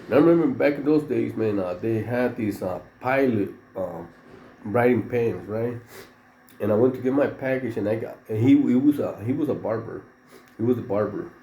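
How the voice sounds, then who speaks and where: A man's voice: medium pitch, normal speed, warm tone. A middle-aged man, a former prison inmate telling a rambling story full of slang and fillers. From Mexico. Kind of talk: casual storytelling. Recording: roomy echo with faint background noise.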